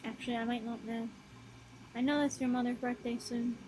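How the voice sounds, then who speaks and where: A young woman with a high, light voice chats aimlessly while she draws on stream. She mumbles in a soft, low-key way and drops casual swears. A faint hiss sits under her voice. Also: level tone, a little fast, rough recording. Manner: talks to her drawn characters. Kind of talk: rambling casual chat while drawing.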